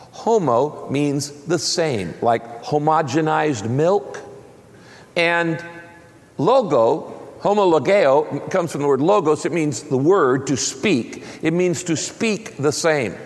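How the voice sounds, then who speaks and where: A man preaching a sermon as pastor, emphatic, with big swings up and down in his voice. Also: on the high side. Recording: long reverb of a large hall.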